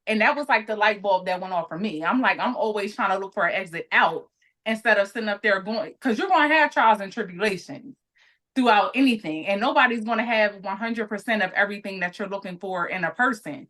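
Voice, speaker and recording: A woman's voice: medium pitch, a little fast, fairly bright tone. Woman, late thirties, podcast guest, earnest, reflective, conversational. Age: 30s.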